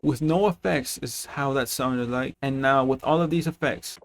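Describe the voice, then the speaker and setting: Young male producer, relaxed slangy tutorial voice, mid-pitched. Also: normal speed, gravelly, slight background noise. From Mexico. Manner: laid-back slangy chatter, says "bro" often. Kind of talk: casual screen-recorded tutorial.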